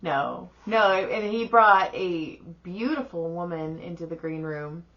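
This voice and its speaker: A woman's voice: on the low side, slow, highs cut off. A middle-aged woman co-hosting a podcast, chatting casually and acting out the people in her stories, swearing freely. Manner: animated storyteller, acts out quoted voices, swears freely. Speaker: podcast co-host. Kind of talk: casual chat.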